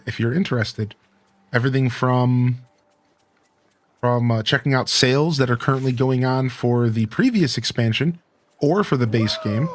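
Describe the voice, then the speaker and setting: A man streaming a video game, chatting casually with his viewers and reading game dialogue aloud. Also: mid-range voice. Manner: reads game dialogue aloud, sometimes in a put-on Scottish voice. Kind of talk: casual gameplay commentary.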